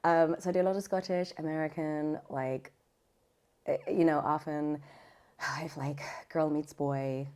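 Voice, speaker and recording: A British woman voiceover artist talking in a podcast interview, chatty and animated with lots of fillers. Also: sits low, measured pace, clear, resonant tone. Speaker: voiceover artist and audiobook narrator.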